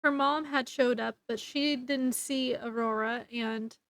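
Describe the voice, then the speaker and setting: A woman's voice: on the high side, fairly even intonation, unhurried, a bit bright. A woman giving a casual book review at home, retelling the plot in a rambling way with lots of fillers.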